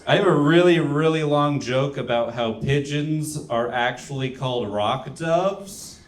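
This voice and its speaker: Awkward young stand-up comedian. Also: male voice, mid-range voice, unhurried. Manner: awkward, trailing off and mumbling after jokes. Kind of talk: stand-up set. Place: comedy club stage.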